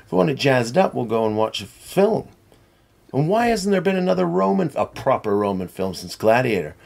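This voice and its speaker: A middle-aged man chatting as a podcast guest, rambling and tangential with animated storytelling. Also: medium pitch, a little fast, vocal fry. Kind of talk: casual chat.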